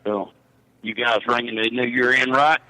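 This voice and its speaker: A middle-aged truck driver calling in by phone, chatting easygoingly with lots of fillers. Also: male voice, mid-range voice, fairly even intonation, moderate pace, bright, forceful tone. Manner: easygoing, rambling with many fillers. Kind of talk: casual phone chat. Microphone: telephone. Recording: phone line.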